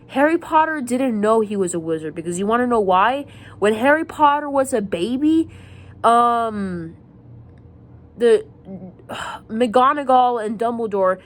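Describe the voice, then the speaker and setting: Woman, casual vlog talk, rambling, repeats herself, restarts often, mid-pitched voice. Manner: rambling, repetitive, many restarts. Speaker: vlogger.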